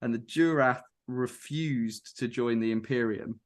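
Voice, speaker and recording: A man's voice: mid-range voice, a little slow. A man co-hosting a podcast, casually retelling game lore in a loose, sweary storytelling manner. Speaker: podcast co-host. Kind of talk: casual chat, reading out lore.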